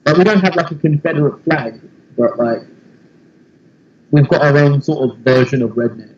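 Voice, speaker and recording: A man's voice: a little high, normal speed, darkish tone. A young man with an English accent chatting casually on a podcast, rambling and swearing with lots of fillers. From England. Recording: dull lo-fi recording.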